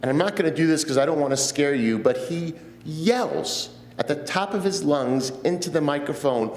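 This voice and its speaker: A man in his fifties preaches from the pulpit in a roomy, echoing church. His voice sits a little high for a man, and he tells his stories earnestly, pausing between phrases. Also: a little mellow, a little hiss or hum. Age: 50s. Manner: storytelling, earnest, with pauses. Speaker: guest preacher, rabbi. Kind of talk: sermon. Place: church sanctuary. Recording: echoey church sanctuary.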